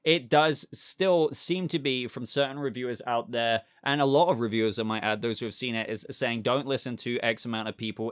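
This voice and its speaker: A man's voice: mid-range voice, fairly bright tone, dry recording, studio quality. A man hosting a pop-culture news channel, talking chatty and upbeat with rambling asides. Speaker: channel host.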